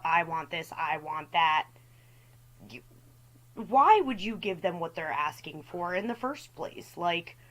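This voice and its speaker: A woman's voice: medium pitch, fairly bright tone, poor audio. A woman hosting a storytime rant as a voice-over, talking in an exasperated way and mimicking the people in her stories. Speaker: storytime host.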